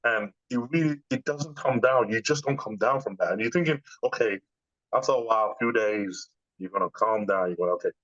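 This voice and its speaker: A man's voice: fairly low pitch, fairly quick, hardly any pauses, no echo, dull audio. A man being interviewed as a guest, speaking casually and telling stories with many restarts. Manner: animated storytelling, many restarts. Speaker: bodybuilder guest.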